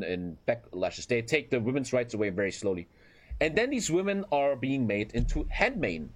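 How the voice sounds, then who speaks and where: A young man streaming a strategy game, chatting loosely to his viewers in a rambling, profane way. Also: fairly high pitch. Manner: rambling, profane, with filler phrases. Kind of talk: casual livestream chat while gaming.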